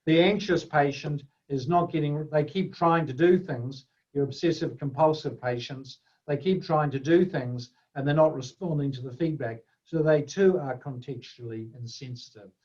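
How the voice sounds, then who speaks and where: A man's voice: on the high side, normal speed, hardly any pauses, a little mellow. A man presenting a webinar lecture, conversational and full of fillers and restarts. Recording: dull lo-fi webinar audio.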